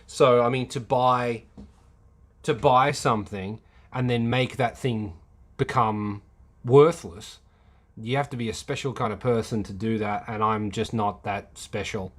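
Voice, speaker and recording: A man casually answering viewer questions on a live stream, hesitant with many pauses and ums. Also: mid-range voice, fairly even intonation.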